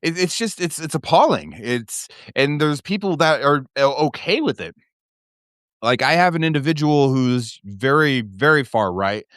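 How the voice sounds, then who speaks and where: A man's voice: mid-range voice, fairly bright tone, smooth, dry recording, clean studio sound. A man hosting his own live stream, ranting heatedly and profanely, with many restarts. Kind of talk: casual live-stream rant.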